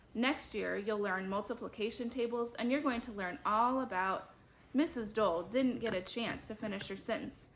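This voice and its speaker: A woman reading a children's chapter book aloud, lively, with big jumps in her voice as she voices the children and teachers. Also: mid-range voice. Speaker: book club reader.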